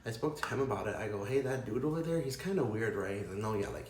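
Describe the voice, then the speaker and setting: A man's voice: fairly low pitch, animated, quick pace, hardly any pauses, a little hiss or hum. A young man telling a storytime rant, exasperated and profane, rambling with lots of fillers. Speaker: vlogger. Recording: echoey room.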